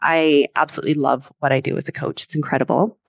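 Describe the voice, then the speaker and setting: A woman with a Canadian accent speaks in a lowish, upbeat voice, clearly a coach talking through stories on a podcast. Her sound is close and dry, with no room around it. She sounds middle-aged and chatty. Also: fairly even intonation, fast, no room sound. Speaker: guest, business and life coach. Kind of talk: casual podcast interview.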